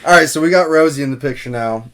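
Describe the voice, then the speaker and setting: A man's voice: a little high, fast talker, a bit bright. A man co-hosting a casual movie review podcast, rambling and laughing with plenty of filler words. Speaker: podcast co-host.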